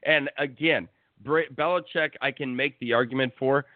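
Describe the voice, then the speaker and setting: A man's voice: mid-range voice, normal speed, dry recording. A man giving blunt, profane sports opinions in a casual talk-show rant. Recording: tinny phone-like line, dry.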